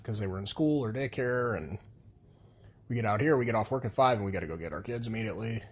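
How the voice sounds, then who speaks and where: A man's voice: on the low side, fast, slightly rough. A man, co-hosting a casual podcast, frank and rambling, with some swearing. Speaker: podcast co-host. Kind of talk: casual couple's podcast chat.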